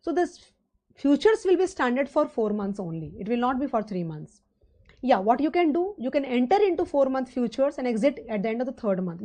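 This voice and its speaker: Mellow-voiced Indian woman lecturing. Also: on the high side. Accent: Indian English. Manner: conversational, rambling teaching with fillers and rhetorical questions. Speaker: finance lecturer. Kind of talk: live online lecture.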